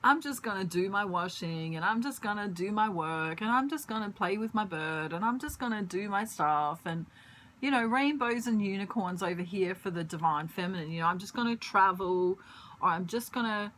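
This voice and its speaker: A woman giving a casual tarot reading at home, chatty and rambling, pausing to search for words and laughing often. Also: medium pitch, expressive, a bit bright, low-quality recording. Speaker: tarot reader. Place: at home, pet bird nearby.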